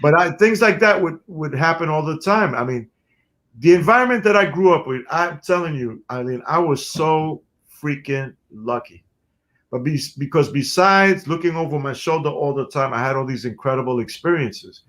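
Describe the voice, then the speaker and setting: New guy telling stories on an interview, lively, laughs a lot, slightly higher voice. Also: moderate pace. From New York City. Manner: animated storyteller who laughs often. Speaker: guest musician. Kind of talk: storytelling in an interview.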